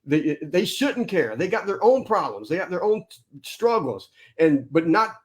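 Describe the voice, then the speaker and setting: Male guest, blunt and preachy, slightly high voice. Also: very animated, normal speed. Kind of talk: motivational casual talk.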